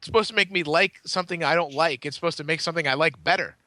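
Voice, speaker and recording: A man's voice: fairly high pitch, rapid-fire, sharp tone, dry recording. A man co-hosting a casual podcast, telling blunt stories and swearing freely as he acts out what people said. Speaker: podcast co-host.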